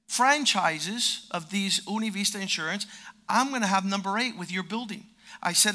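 A man's voice: high-pitched, brisk, sharp tone. A man in his fifties preaching a sermon, telling a personal story and acting out the dialogue, building to emphatic peaks. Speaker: preacher and lawyer.

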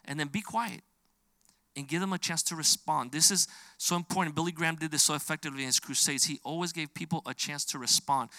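A man's voice: a little high, sharp tone, dry recording. A middle-aged man preaching a sermon, explaining scripture earnestly and growing emphatic when he quotes it.

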